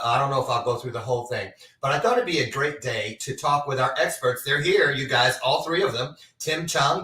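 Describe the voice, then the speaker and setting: A man's voice: mid-range voice, pushed and bright, far from the mic. A man hosting a talk show in casual chat, chatty and a little scattered as he hunts for a clip. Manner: chatty, scattered, fumbles with his screen. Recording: echoey room, away from the mic.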